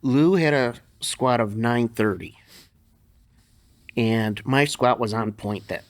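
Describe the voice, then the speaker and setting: A man's voice: medium pitch, takes it slowly. Blunt, profane middle-aged man telling stories. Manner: profane, blunt, laughs through his stories. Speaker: podcast guest. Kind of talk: casual storytelling interview.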